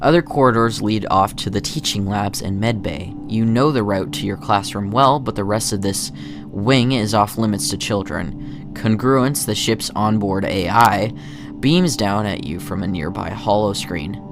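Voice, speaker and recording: A man's voice: lowish voice, measured pace, over music. A man casually commenting on a game and reading its text aloud, chatty and self-deprecating. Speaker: gaming channel host.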